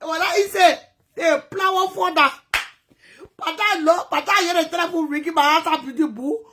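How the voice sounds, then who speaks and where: Liberian English woman, very high voice, emotional story vlog, hushed then loud. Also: normal speed. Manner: animated, swinging between hushed asides and loud outbursts. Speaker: vlogger.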